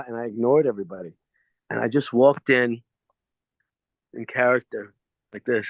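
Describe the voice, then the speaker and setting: A man's voice: medium pitch, moderate pace, long pauses, no echo. A middle-aged man, an actor being interviewed, telling anecdotes casually and acting out the lines. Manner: animated anecdotes with acted-out quotes. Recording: dry, slightly dull sound.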